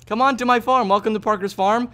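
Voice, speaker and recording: A man hosting a gaming video, joking playfully through his game and swinging between loud yelps and quiet asides. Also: sits high, fairly even intonation, quick pace. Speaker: gaming channel host. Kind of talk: Let's Play commentary.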